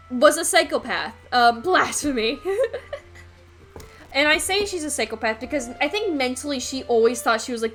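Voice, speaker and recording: A woman's voice: a little high, fairly bright tone. A young woman streaming while she paints, chatting in a rambling way with lots of fillers and the odd swear word. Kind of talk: casual chat while painting on a live stream.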